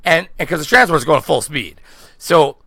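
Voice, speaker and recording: A man, co-hosting a podcast, telling a story in a lively, swearing, laughing way. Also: fairly high pitch, normal speed, vocal fry, breathy edge, no echo. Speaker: podcast co-host. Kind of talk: casual storytelling chat.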